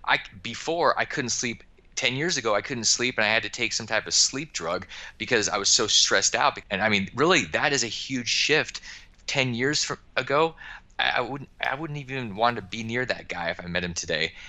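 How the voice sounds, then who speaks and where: A man's voice: mid-range voice, expressive, moderate pace, pushed and bright. A man being interviewed on a podcast, talking about money in an emphatic, motivational way with frequent word repeats. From United States. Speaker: guest, financial advisor.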